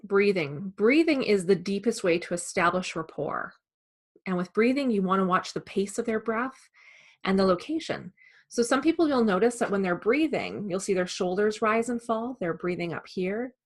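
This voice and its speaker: A woman who trains salespeople, giving a calm, measured instructional talk. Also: medium pitch. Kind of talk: instructional presentation.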